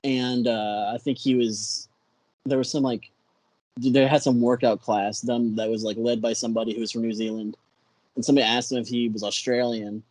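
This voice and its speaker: A man's voice: mid-range voice, level tone, normal speed, a little mellow, no room sound. A man with a Texan accent, a podcast guest in casual chat who hesitates and searches for words.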